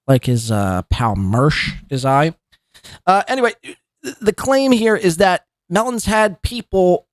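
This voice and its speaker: A man's voice: a little high, no room sound. A man hosting a podcast, giving sarcastic, mocking commentary on clips and swearing freely. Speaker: podcast host.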